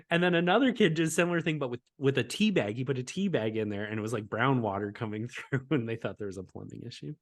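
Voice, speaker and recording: A man with a mid-range voice co-hosts a relaxed podcast conversation. He laughs readily and drops in teasing remarks. He tells his own stories in a loose, unhurried way. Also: mid-range voice. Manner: easygoing, laughs often, teasing asides. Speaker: co-host. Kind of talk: casual chat.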